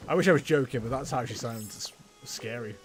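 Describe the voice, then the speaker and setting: A man's voice: medium pitch, brisk, faint music behind. A man chatting casually and rambling with self-mocking humor while livestreaming a game. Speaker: streamer. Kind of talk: casual gameplay livestream chat.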